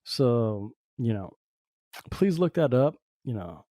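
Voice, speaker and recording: A man's voice: mid-range voice, very animated, slow, mellow, no echo, clean studio sound. A man hosting a podcast, talking through a personal reflective monologue in a rambling way, full of "you know" fillers. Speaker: podcast host. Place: lives in Southern Oregon.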